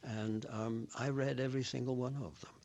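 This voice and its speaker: A man's voice: medium pitch, fairly even intonation, moderate pace, darkish tone. An older man, an actor and author from Scotland, answering radio interview questions in a rambling, anecdotal way with frequent restarts.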